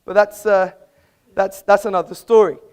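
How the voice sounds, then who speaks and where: A man's voice: high voice, level tone, normal speed, darkish tone, clean tone. Man debater on stage, emphatic and rhetorical, live hall speech. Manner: emphatic, rhetorical, addresses the audience. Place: auditorium with an audience.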